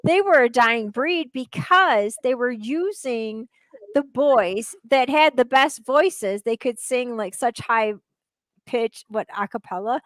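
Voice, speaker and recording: A woman's voice: on the high side, animated, slow, fairly bright tone, dry recording, poor audio. A woman in casual political chat, chatty and often trailing off mid-sentence.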